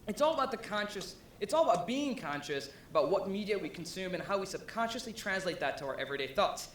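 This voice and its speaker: A young man with a fairly high voice gives a relaxed live talk, and he fills it with ums and likes. The room carries a noticeable echo, with a faint rumble underneath. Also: fast talker. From USA (Ohio). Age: young adult. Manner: conversational, with frequent ums and likes and rising asides. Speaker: presenter. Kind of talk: casual live presentation talk. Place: event venue before an audience.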